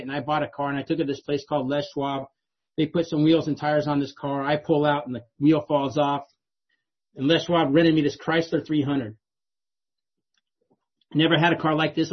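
A man's voice: fairly high pitch, slightly rough. A middle-aged man telling his own recovery story to a meeting, streetwise and self-mocking, often tagging his lines with "right?". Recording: dull lo-fi recording.

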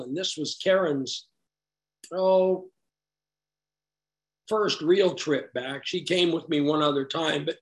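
A middle-aged man telling his own recovery story to a group in a rambling, conversational way, with self-deprecating, wry asides. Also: a little high. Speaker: recovery meeting speaker.

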